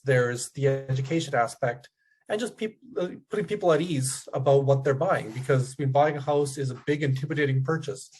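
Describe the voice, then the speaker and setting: A man who works as a home inspector, guest on a podcast, explaining at a measured pace with many ums. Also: fairly high pitch, darkish tone. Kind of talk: explaining in an interview.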